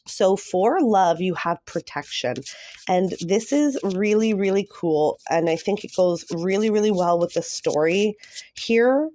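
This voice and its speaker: A woman's voice: mid-range voice, lively intonation, a little slow, dark tone. A woman giving a casual tarot reading to camera, gushing and emotional, with many fillers. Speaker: tarot reader.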